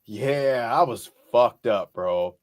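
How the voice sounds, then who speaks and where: A man co-hosting a casual podcast, telling a rowdy story with lots of swearing and laughter, and loudly acting out the other people's lines. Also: mid-range voice, slow. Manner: profane, laughing, acts out quotes loudly. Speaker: podcast co-host. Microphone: podcast mic.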